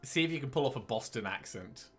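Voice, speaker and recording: Playful guy chatting during a game, bright voice, laughs a lot. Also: mid-range voice, lively intonation, quick pace, faint music behind. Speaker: gaming host. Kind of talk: casual chat while playing.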